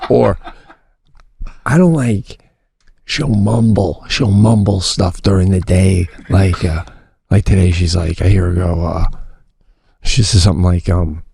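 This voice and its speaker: A man's voice: low-pitched, unhurried, creaky, long pauses, husky, dry recording. A middle-aged man co-hosting a podcast, telling stories in casual chat with frequent laughter. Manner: laughing, animated storytelling. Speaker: podcast co-host.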